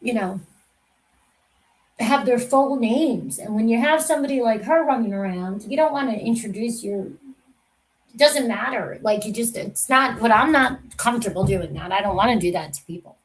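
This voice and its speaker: A woman's voice: on the high side, expressive, normal speed, rough recording. A woman hosting a casual true crime livestream, talking in a rambling, confiding way that trails off mid-sentence.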